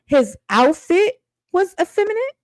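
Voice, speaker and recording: A woman's voice: very high-pitched, big pitch swings, a little slow, darkish tone, no echo, poor audio. A woman giving blunt, sassy commentary on a reality dating show, casual and mocking.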